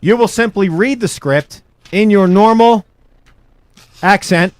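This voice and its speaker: A man's voice: high voice, takes it slowly, no echo. A man co-hosting a podcast in casual chat, dry and teasing as he runs the game. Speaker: podcast co-host.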